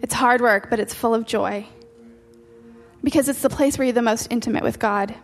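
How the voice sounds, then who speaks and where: A woman preacher with a somewhat high voice delivers an earnest sermon. She drives her points home by repeating key phrases. Her voice rings out with a long hall reverb over soft background music. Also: moderate pace.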